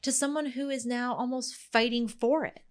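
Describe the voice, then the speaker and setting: A woman's voice: on the high side, steady tone, moderate pace, a crowd in the background. A woman hosting a casual interview, laughing often and encouraging her guest. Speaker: host.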